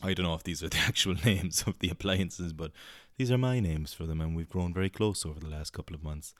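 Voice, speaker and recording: A man's voice: deep voice, fairly quick, a bit bright, no echo, studio quality. A man with an Irish accent, chatting casually through a film review in a rambling way, with many fillers and some swearing. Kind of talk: casual solo review chat.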